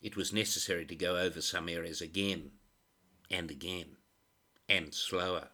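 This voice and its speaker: A man's voice: sits low, steady tone, normal speed, bright, forceful tone. A man narrating a crime novel in a dry, sardonic manner. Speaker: audiobook narrator.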